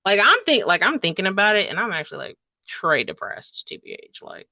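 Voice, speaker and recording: A woman's voice: medium pitch, wildly swooping pitch, a little fast, hardly any pauses, bright, forceful tone, no room sound. A young woman giving a casual, dramatic book review, full of fillers and rambling asides. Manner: gushing, dramatic, heavy filler "like".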